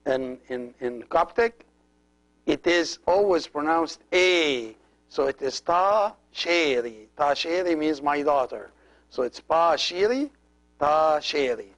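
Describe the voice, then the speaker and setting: Man, priest teaching a language lesson, slightly high voice, slow deliberate delivery, repeats words. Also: poor audio. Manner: slow, careful, repeats each word for practice.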